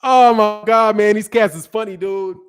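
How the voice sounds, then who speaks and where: A man with a strikingly high voice hosts a boxing live stream. He talks loose and slangy, swears freely, laughs a lot and answers his chat. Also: fairly even intonation, moderate pace, clear, resonant tone, soft background music. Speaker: boxing channel host. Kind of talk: casual live-stream commentary.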